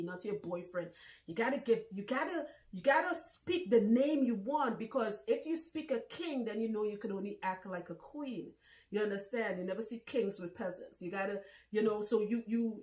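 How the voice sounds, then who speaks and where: A woman in her thirties hosting a casual vlog, talking loudly and bluntly and laughing often. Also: medium pitch. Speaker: vlog host. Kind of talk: casual talk to camera. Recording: echoey room.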